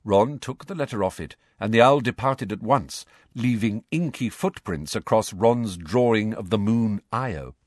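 A man narrating a storybook in a measured, expressive way. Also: on the low side, no echo, studio quality. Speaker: audiobook narrator.

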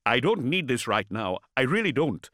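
A rattled young imagist, pushed high and loud, snapping short lines, as a male narrator plays him. His voice jumps about with nervous energy in this storybook scene, dry and close to the mic. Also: very animated, a little slow, dry recording. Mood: agitated. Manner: agitated, loud and clipped. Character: young male imagist, tense, defensive, upset.

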